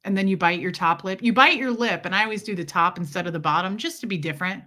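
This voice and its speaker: Bright-voiced woman chatting on a livestream. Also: mid-range voice, fast. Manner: rambling, chatty storytelling with asides to viewers and pets. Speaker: livestream host. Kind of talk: casual livestream chat.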